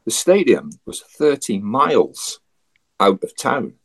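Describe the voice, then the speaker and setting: A man's voice: mid-range voice, big pitch swings, slow, gravelly, fairly bright tone, slightly rough. A Scottish man from Scotland, a guest telling a travel story in a chatty way, with wry asides and frequent laughs. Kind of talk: casual storytelling.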